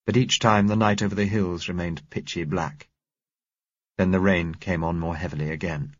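Deep-voiced husky male narrator. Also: dry recording, highs cut off. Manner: measured, steady reading. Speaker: audiobook narrator. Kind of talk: scripted first-person narration.

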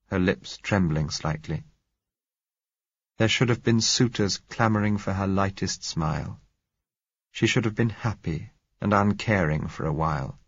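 A young man reading a story aloud in a measured, grave audiobook narration. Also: low-pitched, fairly bright tone, husky, no room sound. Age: young adult. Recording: dull lo-fi dry recording.

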